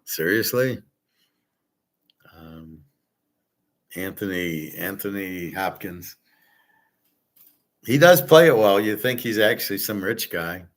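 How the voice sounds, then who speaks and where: A man with a somewhat low voice talks loosely to his viewers, hopping from one subject to the next. He is blunt and opinionated and never sounds scripted. It is relaxed, unpolished stream chatter. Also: takes it slowly, pauses often. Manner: blunt, opinionated, wandering from topic to topic. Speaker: livestream host answering chat. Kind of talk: casual rambling chat.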